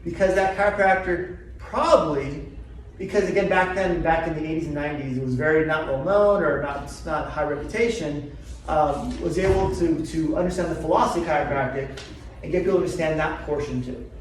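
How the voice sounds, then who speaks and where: A middle-aged man, a chiropractor teaching a live seminar, who keeps quizzing his audience with quick questions. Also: on the high side. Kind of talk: live seminar talk to a group. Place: seminar room. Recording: very echoey room, from far off, faint noise.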